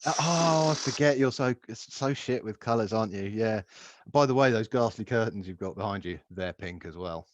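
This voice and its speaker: A man in his thirties co-hosts a casual podcast chat over a video call, swearing freely and acting out exchanges with his kids. His voice is fairly low and his speed normal. The video call audio is dull and dry, without echo.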